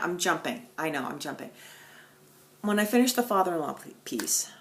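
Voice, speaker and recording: A stitching vlogger with a strikingly deep voice talks about her projects from home in a casual, chatty way at a moderate pace. Her storytelling is animated, leaping between loud outbursts and quiet, almost whispered comments.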